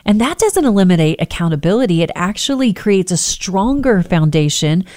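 A woman who works in healthcare, giving calm, earnest, emphatic advice to parents. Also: fairly low pitch, normal speed.

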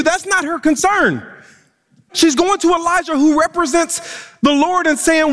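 Male pastor, very high voice, impassioned sermon, long hall reverb. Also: normal speed, a bit bright. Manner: impassioned preaching, repeats words when pressing a point. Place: church stage.

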